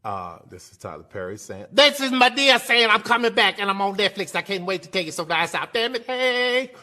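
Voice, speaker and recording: Male host doing a mumbled, throat-clearing mocking impression. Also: sits high, very animated, brisk, pushed and bright, heavily acted.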